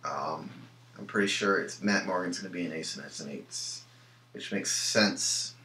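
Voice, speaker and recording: A man's voice: low-pitched, normal speed, bright, forceful tone. A young man giving a rambling, opinionated review of a wrestling show, full of ums and restarts. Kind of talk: casual solo review. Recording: echoey room.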